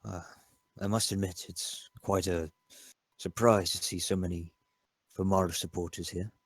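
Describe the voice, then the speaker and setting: A man role-playing at a tabletop game with a very deep voice, recorded dry and close. He talks bluntly and swears freely. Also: steady tone, moderate pace, husky, no echo. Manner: blunt and profane. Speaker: player. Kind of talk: in-character tabletop role-play.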